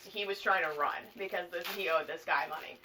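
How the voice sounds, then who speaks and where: A young woman vlogger casually retelling a plot to a friend, animated and full of swearing and fillers. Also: lowish voice, fairly quick, recorded from a distance, a little hiss or hum, rough recording.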